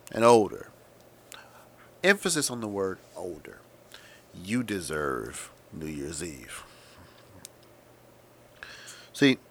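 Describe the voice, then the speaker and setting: A man with a slightly low voice holds forth as a podcast host in a comedic rant. He is sarcastic and crude, punching some words loudly and muttering others under his breath. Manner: sarcastic, profane ranting; shifts between loud emphasis and muttered asides. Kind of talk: comedic monologue.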